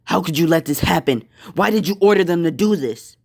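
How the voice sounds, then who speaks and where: A man voicing an angry, defiant young male ninja, with slow, halting lines. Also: a little high, expressive, vocal fry, darkish tone, breathy edge, voice pushed up, heavily acted. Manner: slow halting delivery with stammers.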